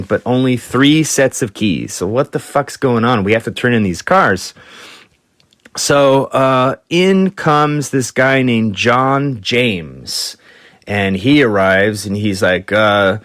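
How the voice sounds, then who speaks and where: A man telling rock and roll stories on his podcast in a loose, offhand way, cursing freely and jumping into higher voices for quotes. His voice sits at an ordinary pitch and is recorded close and dry, with no room sound. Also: slow pace, fairly bright tone, no echo. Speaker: podcast host. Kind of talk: casual storytelling.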